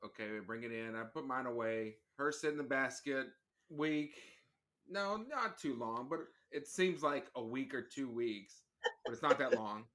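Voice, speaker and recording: A man with a mid-range voice talks as a guest on a casual podcast. He speaks in a plain, measured way, listing small gripes and playing himself down. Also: medium pitch, a bit bright. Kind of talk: casual chat.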